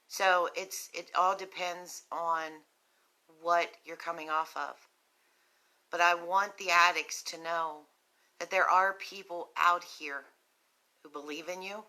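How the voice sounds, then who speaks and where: A woman with a West Virginian accent hosting a live stream for a recovery nonprofit, talking slowly and gently with many ums while sick with a cough and a cough drop in her mouth. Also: lowish voice. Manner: slow, gentle and compassionate, with frequent ums. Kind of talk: earnest live-stream talk to viewers.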